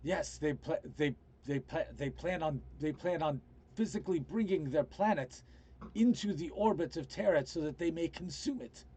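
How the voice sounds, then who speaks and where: A man's voice: fairly high pitch, mellow, husky, pitched above the performer's own voice. A man playing an anxious scholarly father. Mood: grave. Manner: hesitant, halting, anxious. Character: worried older male scholar, anxious father. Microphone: online voice call.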